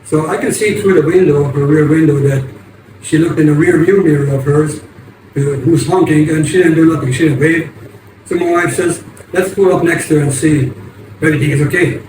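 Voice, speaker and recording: The speaker is an older American man vlogging a casual story, his delivery halting and rambling, with many restarts. Noisy ambient hiss fills the background, and his slightly high-pitched male voice sounds distant and reverberant because he sits away from the microphone.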